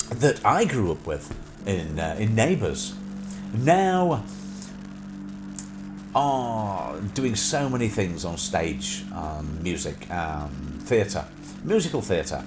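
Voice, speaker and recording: A man in his thirties hosting a live stream, chatting in a casual, rambling way with many fillers and restarts. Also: deep voice. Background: music.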